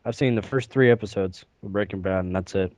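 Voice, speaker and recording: Laid-back, low-voiced male co-host. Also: fast talker, darkish tone, no echo. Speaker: podcast co-host. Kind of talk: casual chat.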